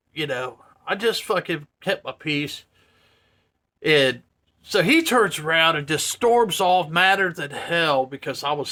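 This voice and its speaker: A man in his fifties telling a story casually to camera, swearing often and laughing. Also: a little high. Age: 50s. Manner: profane, laughing, animated. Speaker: vlogger.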